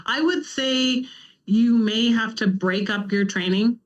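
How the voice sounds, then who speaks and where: A woman's voice: on the high side, slow pace, muffled recording. A woman guest, a runner and mother, telling casual stories and animatedly acting out what people said. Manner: animated, acts out quoted lines. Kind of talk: casual storytelling.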